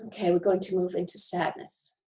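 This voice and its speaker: A woman leading a guided tapping session, speaking slow, deliberate affirmations for listeners to repeat. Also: fairly low pitch, level tone, dark tone. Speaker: tapping practitioner. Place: at home. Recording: dull, roomy home recording.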